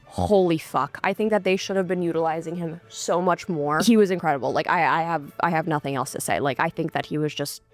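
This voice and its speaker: A young woman giving a casual, sarcastic commentary on a series, swearing and throwing in animated asides. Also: sits low, a little fast, hardly any pauses, faint music behind. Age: young adult. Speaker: video essayist.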